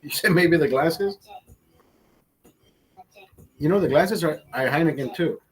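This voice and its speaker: A man's voice: a little high, a little slow, breathy edge. A man hosting a casual livestream, chatting with viewers in a rambling, profane and giggly way. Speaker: livestream host.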